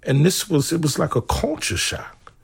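A man reflecting in an interview, slow and searching for words with many pauses. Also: on the high side, huge pitch swings, creaky, husky.

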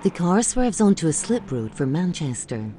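A woman reading scripted audio description of a film, calm and even. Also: deep voice, moderate pace, noisy background.

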